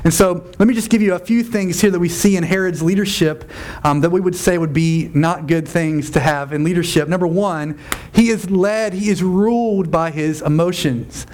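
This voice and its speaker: Pastor type, man, high-pitched voice, casual but emphatic sermon delivery, repeats himself for stress. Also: moderate pace, darkish tone. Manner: conversational, emphatic, repeats phrases.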